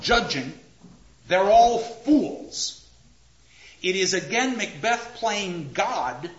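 A man lecturing on poetry, reading lines aloud slowly and stressing each beat. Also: high voice, fairly bright tone. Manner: slow, deliberate, reads lines aloud with stressed beats. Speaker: literature lecturer. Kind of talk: close reading of verse, lecture. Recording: roomy, slightly dull audio.

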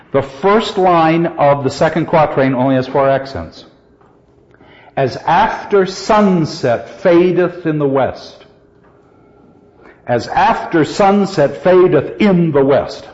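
Slow-speaking male poetry teacher, echoey room. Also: a little high, a little mellow. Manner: questions the class and reads verse slowly. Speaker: literature teacher. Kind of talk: classroom lecture on poetry. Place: classroom with students. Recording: echoey hall, dull lo-fi sound.

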